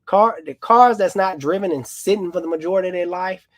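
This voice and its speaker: A man's voice: high-pitched, a little fast, no room sound. A man, a mechanic co-hosting a casual live car Q&A, who explains at length in a folksy way. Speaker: mechanic, co-host.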